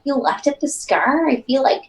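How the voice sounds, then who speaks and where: High-voiced friendly woman player. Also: expressive, normal speed, poor audio. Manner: friendly and rambling, with many restarts. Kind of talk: in-character tabletop role-play.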